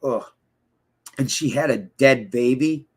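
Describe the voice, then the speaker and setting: A man's voice: medium pitch, slow pace. A man giving a casual interview, rambling and heated, swearing often and mimicking other people in quoted voices. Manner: profane, rambling, heated, many fillers and restarts.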